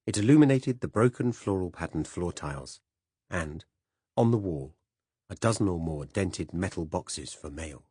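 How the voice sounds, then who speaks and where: A man narrating a first-person spy novel as an audiobook in a measured, even way. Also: low-pitched, slightly rough, no room sound, studio quality.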